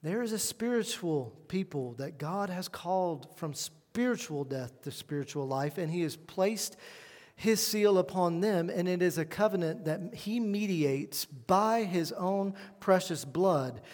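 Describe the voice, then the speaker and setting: High-voiced preacher in a reverberant hall. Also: male voice, expressive, measured pace. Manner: earnest, emphatic preaching with shifts between loud stress and quiet asides. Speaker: pastor. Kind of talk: sermon. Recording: long reverb of a church hall.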